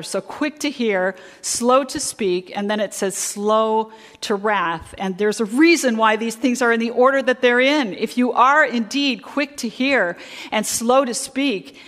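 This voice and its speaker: A middle-aged woman leading a church marriage workshop, quizzing the audience with fill-in questions and stressing key words slowly. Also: on the high side, fairly bright tone. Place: church sanctuary. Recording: long church hall reverb.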